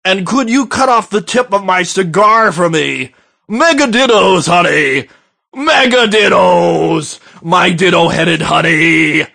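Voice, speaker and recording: A man's voice: sits high, expressive, takes it slowly, gravelly, bright, forceful tone, heavily acted. A man putting on the voice of a pompous, smug older male radio pundit, drawling.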